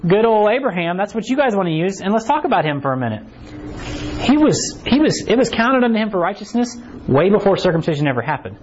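A man's voice: high voice, very animated, fast, slight background noise. A man preaching a conversational sermon to a small congregation in a church, often asking "right?". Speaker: pastor. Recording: slightly dull recording with faint ambience.

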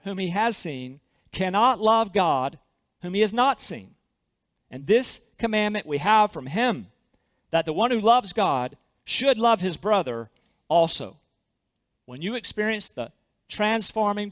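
A man preaching a sermon, reading scripture aloud and stressing key words slowly, with frequent rhetorical questions to the congregation. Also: high-pitched, dry recording. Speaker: pastor.

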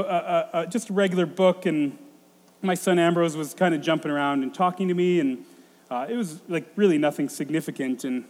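A man in his thirties preaching a sermon, thinking aloud in a halting way with frequent restarts. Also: a little high, darkish tone. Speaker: pastor. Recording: long hall reverb.

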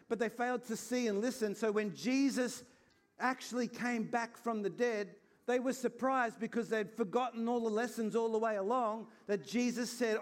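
A man's voice: very high-pitched, steady tone, moderate pace. A man preaching an Easter sermon in an earnest, conversational way, acting out little scenes as he goes. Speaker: pastor.

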